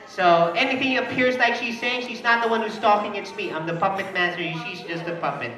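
Here a party entertainer with a high-pitched voice talks a little fast, ribbing a child volunteer in a playful, teasing way and laughing frequently. He's emceeing with audience banter at an indoor party venue, captured on a distant mic in an echoey hall full of crowd noise.

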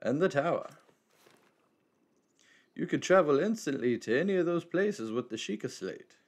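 A man voicing a mysterious, teasing old male hermit in a slow, measured old man voice, reading game dialogue aloud. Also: fairly high pitch, animated, voice pushed up. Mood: cryptic, teasing.

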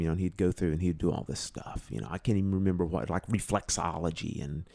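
A man, a guest on a podcast, telling a personal story in a casual, animated way and filling it with "you know". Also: low-pitched, fast, vocal fry. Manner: animated storyteller, acts out quoted dialogue, many "you know"s. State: emotional, choked up. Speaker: podcast guest, drum teacher.

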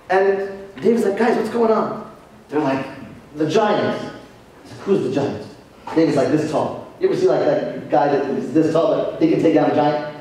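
A man, a priest, giving a lively sermon lecture and telling stories with acted-out voices. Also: high voice. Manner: animated storytelling, acts out quoted voices. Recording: echoey hall, distant mic, faint noise.

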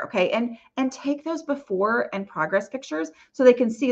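A woman's voice: mid-range voice, lively intonation, normal speed, creaky, dull audio. A woman hosting a casual live Q&A and answering viewer questions, talking in a chatty, rambling way with many fillers and restarts.

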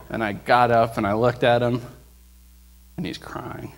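A man giving a sermon testimony at church, telling his story with excitement and acting out the dialogue. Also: medium pitch, takes it slowly, vocal fry, a little hiss or hum. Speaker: guest speaker sharing a testimony. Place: church sanctuary. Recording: long church hall reverb.

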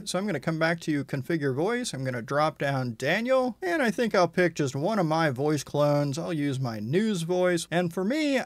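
A man hosting a software tutorial, explaining each step in a casual, conversational way. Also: fairly high pitch, no room sound. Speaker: tutorial host.

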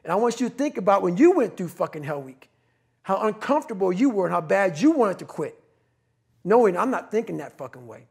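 A middle-aged man on a podcast, giving a blunt, profane, forceful motivational talk. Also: high-pitched, sing-song, brisk, creaky, husky. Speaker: podcast guest.

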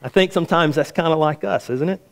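A man preaching a sermon as a pastor, telling a story and acting out the voices in it. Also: fast talker. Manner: storytelling, acts out the quoted voices in a higher pitch. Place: church sanctuary.

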